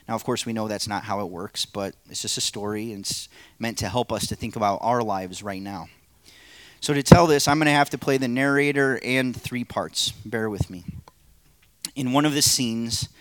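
A man's voice: medium pitch, no room sound, rough recording. Earnest male pastor preaching. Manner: earnest, emphatic, short punchy phrases. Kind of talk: sermon.

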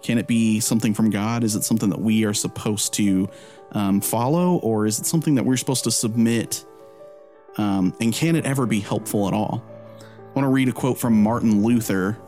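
Low-voiced chatty male podcast co-host. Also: a little fast, mellow, faint music behind. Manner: loose and chatty, many "um" and "like" fillers, laughs easily. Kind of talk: casual chat and spoken prayer.

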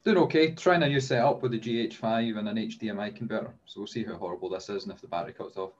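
A man's voice: fairly low pitch, racing, highs cut off. A man on a live video chat, wry and teasing. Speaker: panel guest. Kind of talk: casual live stream chat. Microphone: video call.

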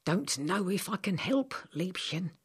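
A gruff, frail old man with arthritic hands, as a woman narrator puts him on, handing out short orders in a low, husky voice. He speaks brusquely but kindly, an audiobook character. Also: expressive, unhurried, heavily acted.

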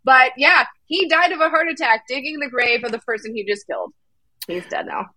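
High, bright-voiced woman swearing casually. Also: a little fast, no echo, poor audio. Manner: swears casually, laughs a lot. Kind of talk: casual chat.

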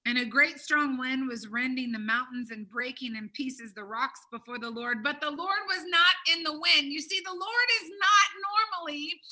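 A woman preaches a sermon in a high, very bright voice. She presses hard on key words, then drops to hushed, low tones. Her delivery keeps shifting between ringing emphasis and quiet intensity. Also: moderate pace, hardly any pauses, poor audio.

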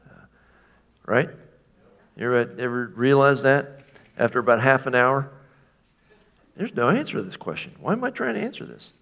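A man delivering a sermon in an easy, talky way, his voice sitting in a middle pitch. He keeps checking in with his listeners and now and then slips into mocking voices for quoted lines. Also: fairly bright tone. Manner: conversational, checks in with "right?"; mimics a taunting voice for quoted questions. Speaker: pastor.

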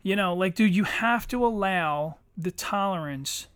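A man with a high voice, rambling in casual chat. He leans on fillers like "you know" and "like." He is recorded close and dry, with no room sound. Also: a little slow, fairly bright tone, smooth, no echo.

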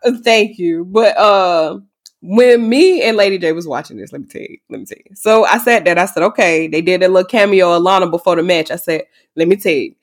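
A woman co-hosting a casual chat, telling stories in an animated, giggly way. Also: lowish voice, a little fast. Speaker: podcast co-host.

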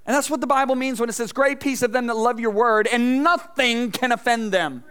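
A middle-aged man preaching an energetic sermon to a congregation, telling stories with acted-out voices and swinging between loud and soft. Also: very high voice, a little fast, clear, resonant tone. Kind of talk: energetic sermon with stage demonstration. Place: church stage before a congregation.

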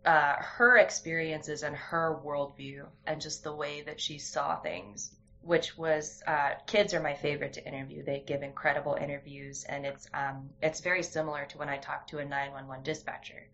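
A woman's voice: low-pitched, steady tone, normal speed, hardly any pauses, fairly bright tone, slight background noise. A young woman talking candidly in a casual conversation, telling stories with frequent restarts. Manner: candid, storytelling, many restarts. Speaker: guest. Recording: dull lo-fi sound.

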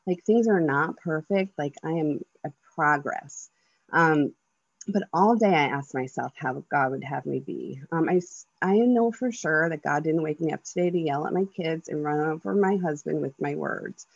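A woman's voice: low-pitched, moderate pace, vocal fry, no room sound, highs cut off. A woman in her thirties giving an earnest personal share at a twelve-step meeting, talking loosely with many ums, likes and restarts.

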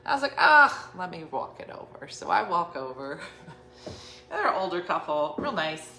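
A woman's voice: low voice, unhurried. A middle-aged woman telling a rambling personal story to her viewers, acting out the dialogue in changing voices and sometimes dropping to a whisper. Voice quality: chatty, animated, acts out dialogue in shifting voices and whispers. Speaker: vlogger. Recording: echoey room with faint background noise.

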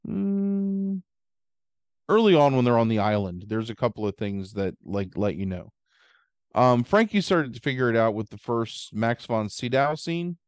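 A man's voice: medium pitch, animated, a little slow, clean tone, no room sound, studio quality. A man co-hosting a podcast in casual chat, easygoing and chatty with fillers.

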